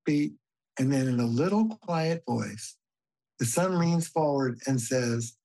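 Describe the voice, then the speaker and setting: A man's voice: fairly high pitch, a little slow, low-quality recording. Emphatic storytelling older male therapist. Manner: animated, emphatic storyteller who swears casually. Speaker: guest family therapist. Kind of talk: conversational podcast interview.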